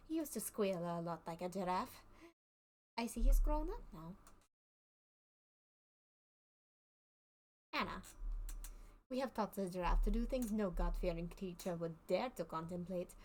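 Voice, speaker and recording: A woman's voice: mid-range voice, a little mellow, lightly acted. Woman doing a sly French-accented circus boss. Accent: put-on French. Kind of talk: reading game dialogue aloud.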